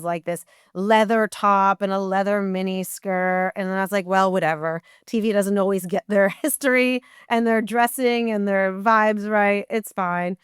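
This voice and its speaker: Woman, guest storyteller; animated, acts out the dialogue, smooth resonant voice, dry close sound. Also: mid-range voice, dry recording. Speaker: guest, burlesque performer. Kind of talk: casual storytelling in a podcast interview.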